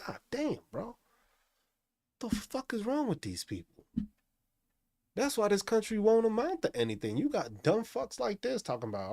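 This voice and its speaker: A man's voice: sits high, a little mellow, no room sound. A man hosting a profane, angry rant, mocking the people he talks about. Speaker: host. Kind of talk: profane ranting commentary.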